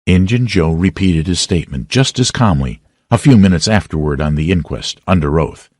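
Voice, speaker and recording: Brief: male audiobook narrator, very low voice, animated dramatic delivery, dry studio sound. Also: moderate pace, no room sound. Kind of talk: scripted narration.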